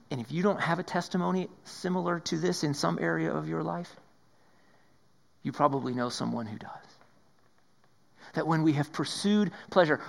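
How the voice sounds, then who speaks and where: A man preaching a sermon, swinging between raised emphasis and hushed whispers and often repeating his words. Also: fairly high pitch, vocal fry. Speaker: pastor.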